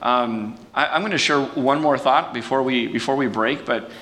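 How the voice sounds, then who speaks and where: A man preaching in a relaxed, conversational way, folksy and self-deprecating, with restarts and fillers. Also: moderate pace. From California. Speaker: pastor. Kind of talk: conversational sermon talk. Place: church sanctuary. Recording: distant mic with long hall reverb and faint rumble.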